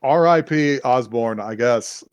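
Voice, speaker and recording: Animated male podcaster, dry close mic. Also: medium pitch, measured pace, clear, resonant tone, dry recording. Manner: animated, swearing, acting out characters' lines with laughs. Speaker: podcast co-host. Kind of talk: casual chat recapping an anime episode.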